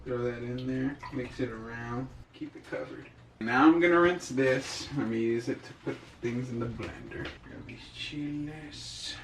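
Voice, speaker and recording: Speaking in an unhurried mid-range voice, a young man rambles jokily through his cooking vlog and laughs at his own bits. A camera mic captures him in his home kitchen, where the room echoes and frying and sizzling fill the background.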